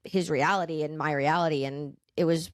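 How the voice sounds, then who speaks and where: A woman stand-up comedian from the Boston area, chatting casually as a podcast guest. She tells stories in an animated way, with a lot of fillers and frequent swearing. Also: deep voice, brisk, no room sound, studio quality.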